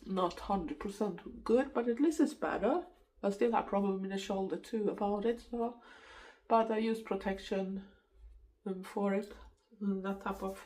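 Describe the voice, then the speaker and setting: A woman's voice: medium pitch, low-quality recording. Swedish lady in her 50s rambling thru her makeup routine, chatty, laughs a lot. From Sweden. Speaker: makeup vlogger. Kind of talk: casual get-ready-with-me chat.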